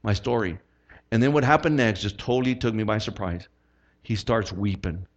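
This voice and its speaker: A man preaching a sermon as pastor, telling a personal story with lively acted-out quotes. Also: fairly low pitch, normal speed, lo-fi sound.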